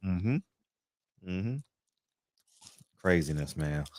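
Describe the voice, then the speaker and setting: A man hosting a casual barbershop chat about boxing, animated and laughing, often mocking others. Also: sits low, drawn-out words. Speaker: show host.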